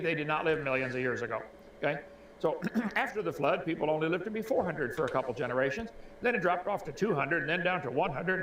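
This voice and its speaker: A man reading out facts and asking folksy rhetorical questions, clearing his throat now and then, played back as a clip. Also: fairly high pitch, a bit bright. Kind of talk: reading and commenting on a creationist video. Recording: echoey clip with faint ambient noise.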